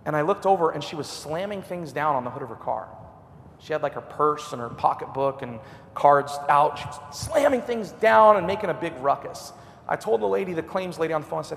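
A man preaching a sermon, telling a personal story with swings from a hush to a loud, high voice. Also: animated, a little fast, creaky, in a large hall, a little hiss or hum.

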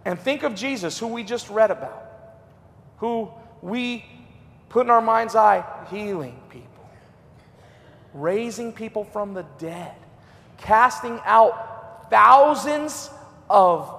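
Animated high-voiced preacher, man, booming hall. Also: gravelly. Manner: animated, swings from loud to hushed. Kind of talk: revival sermon. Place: church sanctuary. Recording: long hall reverb.

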